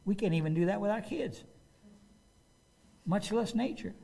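A man preaching a sermon as a pastor, in a conversational, animated way, often acting out quotes. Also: high voice, moderate pace, gravelly, breathy edge.

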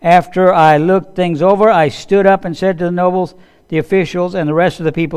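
A pastor preaching with a slightly high voice. He is conversational and tells his stories vividly. He keeps turning to the listeners with questions. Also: a little fast, smooth. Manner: animated storytelling that acts out quoted voices. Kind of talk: sermon.

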